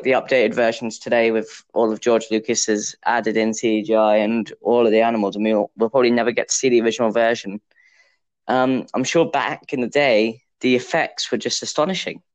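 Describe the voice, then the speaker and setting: A young man hosting a casual film podcast, talking in a chatty, enthusiastic, rambling way. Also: medium pitch. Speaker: podcast host.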